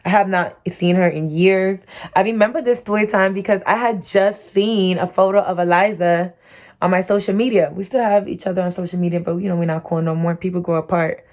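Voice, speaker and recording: A woman's voice: fairly low pitch, steady tone, brisk, darkish tone. A young woman vlogger telling a frank, chatty storytime while getting ready, swearing freely and saying "like" a lot.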